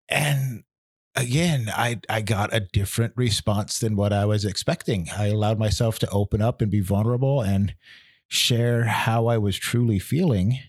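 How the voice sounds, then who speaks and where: A man in his thirties hosting a podcast, talking through a personal reflection in a candid, halting way, often restarting and repeating words. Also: fairly low pitch, steady tone, dry recording, studio quality. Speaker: podcast host.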